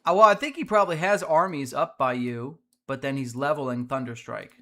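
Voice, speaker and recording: A man's voice: mid-range voice, a little fast, pushed and bright. A man hosting a mobile strategy game livestream, chatting casually about team builds and reading out viewer messages with easy fillers. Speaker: livestream host. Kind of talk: casual gameplay commentary.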